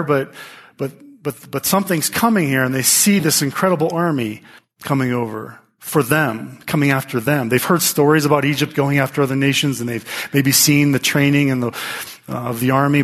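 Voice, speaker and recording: A man preaching a sermon in a lively storytelling style, medium in pitch. He asks the listeners questions, circles back to restart his sentences and pushes the story forward with energy. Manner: animated storytelling with frequent restarts and rhetorical questions. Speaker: pastor.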